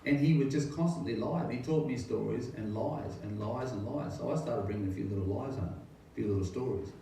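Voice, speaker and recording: A man's voice: mid-range voice, fairly quick, mellow. A middle-aged man, a pastor, earnestly telling his faith testimony in a rambling way with rhetorical questions. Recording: very echoey room, distant mic, faint noise.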